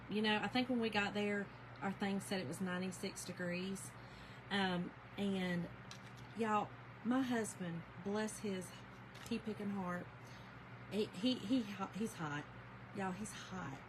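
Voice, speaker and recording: A chatty woman with a Southern US accent hosts a crafting livestream, talking straight to her viewers in a folksy, easygoing way and laughing often. A steady hum of background noise sits clearly under her voice. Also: medium pitch. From Georgia, US South. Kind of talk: casual livestream chat.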